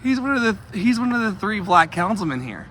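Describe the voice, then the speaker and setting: A man's voice: sits high, very animated, brisk, pushed and bright, slight background noise. A man vlogging outdoors while walking, talking emphatically and repeating himself, with asides to his viewers. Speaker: activist vlogger. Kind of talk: impassioned street vlog.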